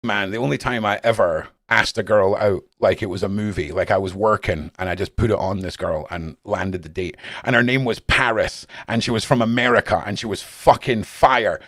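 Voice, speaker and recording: A Scottish man hosting a live stream, chatting casually with his viewers in a blunt, animated way and swearing constantly. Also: lowish voice, moderate pace, hardly any pauses, dry recording, clean studio sound. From Scotland. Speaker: live-stream host reading chat. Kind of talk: casual rambling chat.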